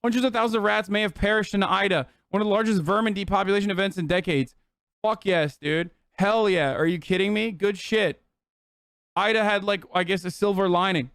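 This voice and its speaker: Man, streamer, heated profane rant, high clear voice, dry close sound. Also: steady tone, a little fast, a bit bright, dry recording. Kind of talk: live stream commentary rant.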